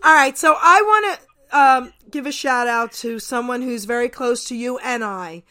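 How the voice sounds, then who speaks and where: A woman's voice: fairly high pitch, moderate pace, sharp tone. A woman from New Jersey hosting a radio chat show, gushing and effusive. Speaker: radio host.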